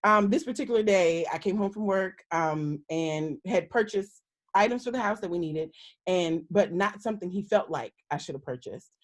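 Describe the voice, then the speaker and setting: A woman's voice: fairly low pitch, lively intonation, normal speed. A woman guest, a minister, telling a personal story in an interview in a candid, earnest way, acting out the lines of the people in it.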